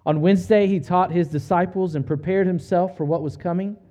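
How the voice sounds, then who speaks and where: A man preaching a sermon, retelling a story in an earnest, measured way with slow, emphatic pauses. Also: high-pitched, steady tone, dark tone. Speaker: pastor.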